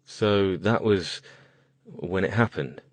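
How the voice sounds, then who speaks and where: A composed British mage, as a male audiobook narrator voices him, courteous and understated. His delivery is clipped and measured, with a deep voice recorded close and dry. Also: no room sound.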